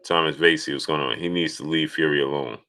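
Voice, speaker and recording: This live stream host has an extremely low voice with a steady tone and a quick pace. He reads out and greets viewers one by one by name, and he becomes loud and insistent when arguing.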